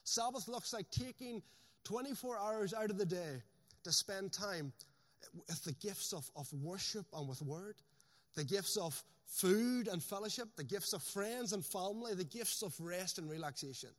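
High-voiced pastor preaching in a reverberant hall. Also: male voice, expressive. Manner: emphatic preaching, slows sharply on key phrases. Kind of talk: sermon.

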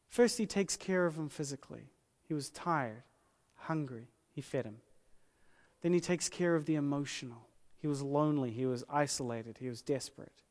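A man's voice: a little high, a little mellow. Earnest preacher man in a reverberant hall. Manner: earnest, emphatic, repeats key phrases slowly. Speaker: pastor. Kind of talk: sermon.

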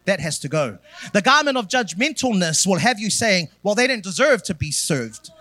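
A man's voice: high voice, very animated, normal speed, sharp tone. A man preaching a sermon as pastor, building emphatic repeated phrases.

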